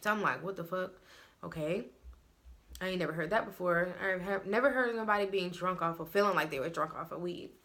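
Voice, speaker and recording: Bright-voiced woman telling a story. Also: fairly low pitch, quick pace, few pauses. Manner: loose, profane, filler-heavy storytelling. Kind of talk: casual storytime monologue. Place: her own room at home.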